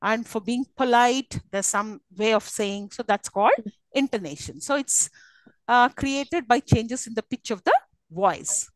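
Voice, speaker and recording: A woman's voice: on the high side, measured pace, no room sound, low-quality recording. A woman teaching a university class, explaining patiently, with many fillers and questions put to her students. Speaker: university English lecturer. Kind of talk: live lecture to students.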